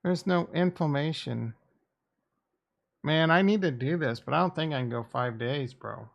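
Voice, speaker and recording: Muttering sarcastic, profane, blunt comments to himself, this crypto streamer chats casually into a desk microphone during a live stream. He speaks at a normal speed in a fairly high, creaky voice, and the audio sounds muffled.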